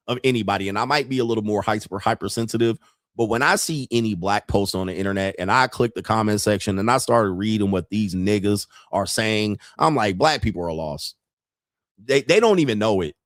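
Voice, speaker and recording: A man hosting a casual commentary show, talking bluntly and profanely, laughing often and rising into animated disbelief. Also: lowish voice, no echo, studio quality. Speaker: podcast host.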